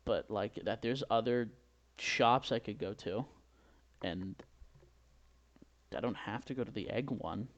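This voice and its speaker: A man giving a rambling mock lecture as a pretend professor, halting and full of restarts, with sudden loud outbursts. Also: on the low side, dull audio. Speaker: comedy video maker posing as a drawing professor.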